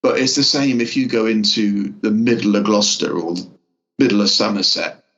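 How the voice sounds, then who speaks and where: A man's voice: lowish voice, brisk, a bit bright, muffled recording. A man from Newport with a South Welsh accent, a guest in a casual podcast chat. He teases wryly, swears, and slips between an English and a Welsh lilt. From Wales. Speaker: guest musician.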